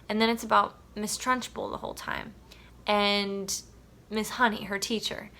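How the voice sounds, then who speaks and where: A woman talks through her recent reads in a casual vlog, chatty and emphatic. Her voice sits at an ordinary pitch but rings bright and forward. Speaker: book reviewer. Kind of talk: casual book review vlog.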